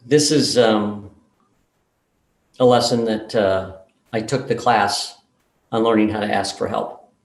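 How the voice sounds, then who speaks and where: A man giving a conference talk, telling a story in an animated way and acting out the dialogue. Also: fairly low pitch, takes it slowly, gravelly, pauses often. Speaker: conference speaker. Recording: roomy echo.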